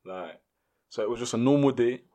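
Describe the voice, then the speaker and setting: A man, a podcast guest telling a story in casual, slangy, animated speech. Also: mid-range voice, fairly quick.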